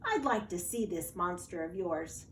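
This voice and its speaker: A woman voicing a calm, sensible male badger, in a lower, steady and unhurried voice. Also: recorded from a distance, slight background noise.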